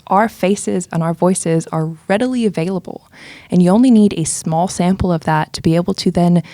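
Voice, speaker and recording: A woman, a security expert guest talking in casual podcast chat, animated, with quick bursts of emphasis. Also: medium pitch, no room sound.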